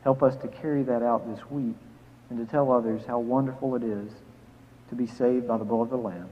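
A man pastor reading scripture, preaching and leading a prayer, emphatic on key phrases and dropping soft to pray. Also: medium pitch, steady tone, fairly quick. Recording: phone-like sound with long hall reverb.

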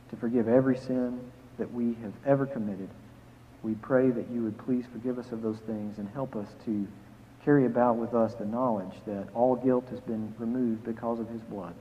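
A man pastor reading scripture, preaching and leading a prayer, emphatic on key phrases and dropping soft to pray. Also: mid-range voice, fairly even intonation, normal speed, a little hiss or hum. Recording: phone-like sound with long hall reverb.

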